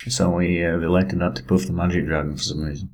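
Man, very low pitch, casual chat, lots of uh and sort of. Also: little pitch movement, fast talker, darkish tone. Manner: explains things with many uh fillers and sort of.

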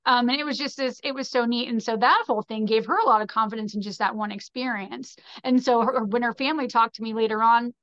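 Speaking quickly with few pauses, this woman has a fairly high, fairly bright voice and a dry recording that still sounds dull and muffled. She's a fashion designer guesting on a podcast, rambling casually through stories filled with "like" and "you know."

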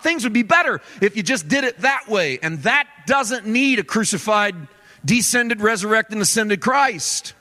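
A man preaching a sermon as pastor, swinging between loud, emphatic passages and low, slow, careful scripture reading. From United States.

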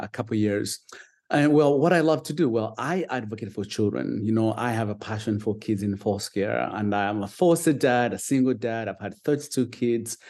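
A man's voice: medium pitch, a little mellow. A man with a Ugandan British accent, a guest in an interview, talking about foster care in an earnest, upbeat way with small restarts. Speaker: guest, foster dad and advocate. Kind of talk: conversational interview.

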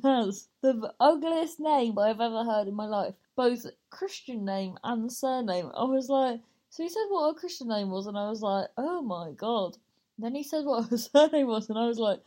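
Woman host, rambling sweary solo chat, a bit high-pitched. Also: warm tone. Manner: chatty, rambling, sweary and self-mocking. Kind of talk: casual monologue.

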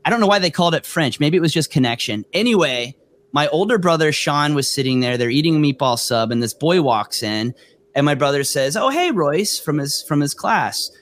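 A man's voice: a little high, lively intonation, fairly quick, fairly bright tone. A man hosting a talk show interview, chatty and joking, telling self-deprecating stories. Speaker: radio show host.

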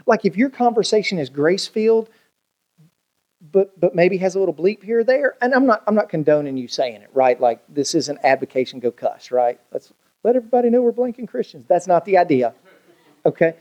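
A man's voice: high voice, a little fast, dull audio. A man preaching a sermon as a pastor, telling funny everyday stories and acting out the people in them. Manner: humorous storytelling, animated quoted voices.

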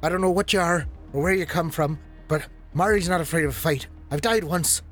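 A man's voice: fairly high pitch, a little fast, fairly bright tone, voice pushed up, close to an everyday voice. Man doing a streetwise brawler, blunt, faint music under. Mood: defiant. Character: brash male New York Irish brawler.

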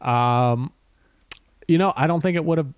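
A man's voice: a little high, normal speed, clear, resonant tone, no echo. A man hosting a casual podcast chat. He jokes, keeps score and teases his co-hosts. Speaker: podcast host.

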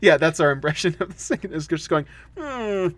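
A man co-hosting a casual podcast chat, animated and laughing often, slipping into playful quoted voices. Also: fairly high pitch, fast talker. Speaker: podcast co-host.

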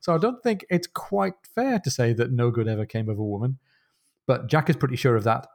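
A mid-pitched man co-hosts a book podcast. He mixes plot summary with dry asides and thoughtful points about the characters. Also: expressive, brisk, creaky, a little mellow. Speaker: podcast co-host. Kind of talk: casual book discussion.

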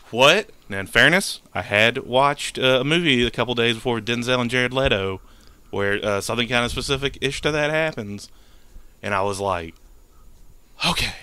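Young male podcast co-host, rambling crude storyteller, bright clear voice, dry sound. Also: mid-range voice, no echo. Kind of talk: casual chat, storytelling.

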